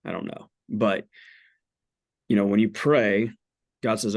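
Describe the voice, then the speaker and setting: A man's voice: lowish voice, slow, creaky. A man in his forties, a podcast guest, talking candidly about faith in an earnest, blunt way with casual swearing. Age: 40s.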